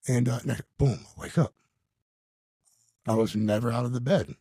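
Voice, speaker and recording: Male podcast guest, mid-pitched, slangy and animated storyteller, close dry recording. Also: moderate pace, breathy edge, no echo. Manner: animated, slangy, calls the listener dude and bro. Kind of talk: casual storytelling.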